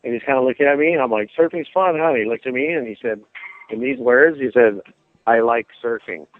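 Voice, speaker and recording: A man's voice: medium pitch, brisk. A man phoning into a show, casually telling a surfing story and acting out the people in it. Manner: animated storyteller, acts out quoted voices. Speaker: phone-in guest, surf instructor. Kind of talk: casual phone chat, storytelling. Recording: dry, tinny phone line.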